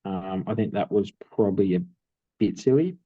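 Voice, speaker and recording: A young Australian man co-hosting a podcast, telling stories in a relaxed way with many fillers. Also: lowish voice, normal speed, no room sound, narrow, tinny audio. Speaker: podcast co-host. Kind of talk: casual chat.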